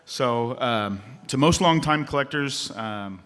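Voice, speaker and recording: A man's voice: medium pitch, lively intonation, slow, a bit bright, clean tone. A man presenting to a panel audience in a casual, explanatory way, with many ums. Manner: filler-heavy, casual, explanatory. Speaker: panel speaker. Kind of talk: convention panel talk. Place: convention panel room. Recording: long hall reverb.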